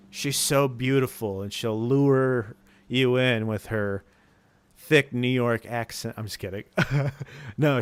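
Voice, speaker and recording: A man's voice: mid-range voice, smooth. A man streaming casually, bantering with his chat and joking at his own expense.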